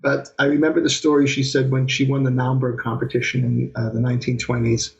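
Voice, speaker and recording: A man, a pianist, telling lively stories in an interview and acting out his old teacher's remarks. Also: medium pitch, fast talker, creaky, muffled recording. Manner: animated anecdotes, mimics his teacher's voice. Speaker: pianist guest. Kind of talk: conversational storytelling interview.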